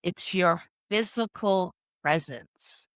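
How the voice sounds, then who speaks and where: A woman giving instructional podcast advice as a communication coach, in a measured coaching tone that checks in with the listener. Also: on the low side, fairly bright tone, no room sound, clean studio sound. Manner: measured, coaching tone with frequent "right?" check-ins.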